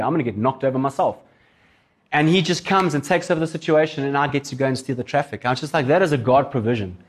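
Pastor telling a story. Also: male voice, fairly high pitch. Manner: casual, chatty, laughs while telling stories. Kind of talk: sermon storytelling.

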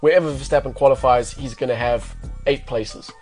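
A man's voice: medium pitch, fairly quick, a little mellow, faint music behind. A man who is a guest pundit, talking through race predictions in a podcast chat, thinking aloud with fillers.

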